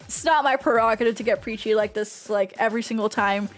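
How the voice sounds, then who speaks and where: A woman with a high-pitched voice talks through a casual streaming Q&A. She rants with passion and swears freely. Soft music plays faintly behind her. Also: brisk. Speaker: VTuber streamer.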